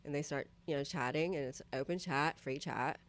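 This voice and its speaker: Low-voiced chatty woman telling candid stories. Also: moderate pace. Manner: chatty, full of "like" and "you know what I mean"; animated, voices other people in quotes. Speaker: podcast guest. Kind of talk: casual chat, candid storytelling.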